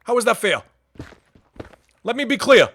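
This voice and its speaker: A man's voice: extremely high pitch, sing-song, normal speed, a bit bright, voice pushed up, heavily acted. A man doing an impression of an older, indignant male politician with an emphatic, lecturing cadence.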